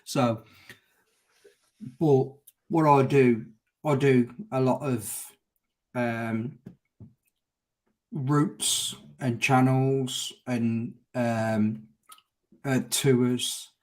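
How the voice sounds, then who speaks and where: A middle-aged man from the Birmingham area of England, with the accent to match, guests on a casual live stream as a motorcycle vlogger. His medium-pitched voice is fairly even, very slow with long pauses, and he chats openly, restarts his words and calls people mate.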